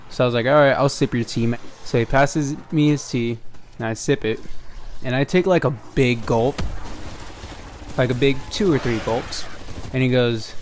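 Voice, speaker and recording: A young man with a medium-pitched voice talks at normal speed, with a little hiss or hum in the audio. He hosts a storytime gaming channel, casually recounting a tale over gameplay, animatedly acting out the dialogue and swearing freely.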